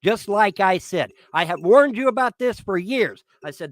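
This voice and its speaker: A man's voice: sits high, animated, moderate pace, hardly any pauses, no echo. A man in his fifties on a livestream, swearing and making threats in a repetitive rant. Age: 50s.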